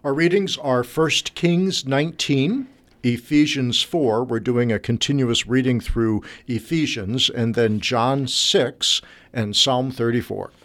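Professor guy on a podcast, middle pitch, gets excited easily. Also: slow pace. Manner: enthusiastic, exclaiming often. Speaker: seminary professor. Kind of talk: podcast discussion.

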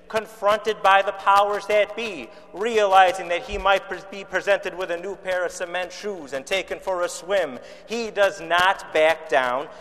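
A pastor from Chicago preaches in an easy, conversational way. He asks rhetorical questions and drops in dry humor. His voice sits a little high, and a long reverb from the church hangs behind it. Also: fairly bright tone. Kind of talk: sermon.

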